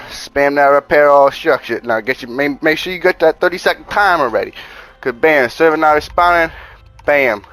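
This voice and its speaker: A man's voice: fairly bright tone, rough recording. A man talking casually over gameplay as a channel host, laid-back and profane, walking viewers through a glitch step by step with catchphrases. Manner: laid-back, profane, repeats "bada bing, bada boom".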